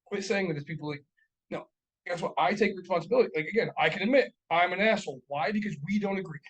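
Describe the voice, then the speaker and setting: A man's voice: high-pitched, quick pace, husky, rough recording. A man co-hosting a casual podcast, talking bluntly and profanely, rambling with lots of "like" and "right?". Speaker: podcast co-host.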